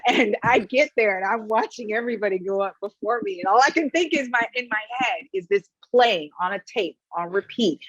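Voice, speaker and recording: Wellness coach, woman, husky animated delivery, dry dull lo-fi sound. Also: medium pitch, normal speed, no room sound. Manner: animated storyteller, frequent "right?" tag questions. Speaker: wellness practitioner. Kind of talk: conversational panel advice.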